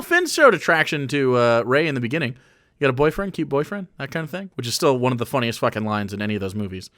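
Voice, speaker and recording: A man's voice: mid-range voice, fairly bright tone, no echo, clean studio sound. A man streaming and reacting to a video, rambling and profane, with frequent restarts. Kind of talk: casual reaction commentary.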